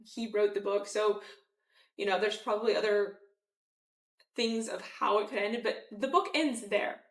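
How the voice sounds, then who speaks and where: A woman teaching a casual Bible study, chatty and animated, with many fillers and acted-out quotes. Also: mid-range voice, unhurried, echoey room, distant mic.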